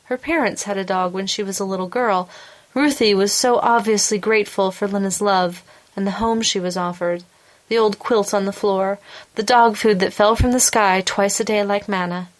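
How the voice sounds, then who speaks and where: A woman reading a short story aloud in a measured, calm storytelling manner. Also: medium pitch. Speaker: story narrator. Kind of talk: scripted narration.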